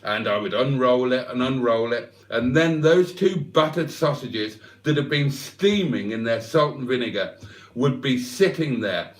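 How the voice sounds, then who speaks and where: A man hosting a livestream, telling a rambling comic monologue in a deadpan, mock-serious way with long digressions. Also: medium pitch, a little slow. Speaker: livestream host. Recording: echoey room, mic at a distance.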